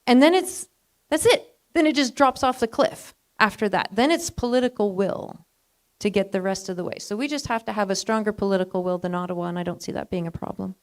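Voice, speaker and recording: A woman's voice: medium pitch, a little fast. A woman from Alberta speaking on a live panel in a chatty, sarcastic way, full of "like" and "um". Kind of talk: live public panel talk.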